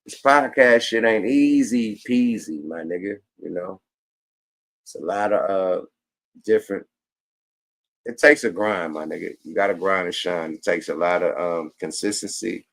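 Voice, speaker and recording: A man hosting his own livestream podcast, talking casual and profane with a slurred, gravelly drawl. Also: low-pitched, measured pace, fairly bright tone. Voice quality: gravelly, slurred like a drunk wino. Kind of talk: casual stream sign-off.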